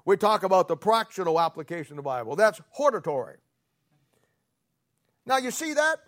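A man's voice: high voice, big pitch swings, normal speed, a bit bright. A male pastor, preaching a folksy, sarcastic sermon full of rhetorical questions to his congregation.

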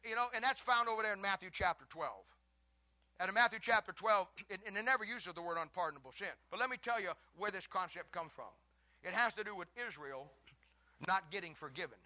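A man preaching a sermon, fiery and shouting at times, then dropping into a lower, chatty tone with joking asides. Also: a little fast, dry recording.

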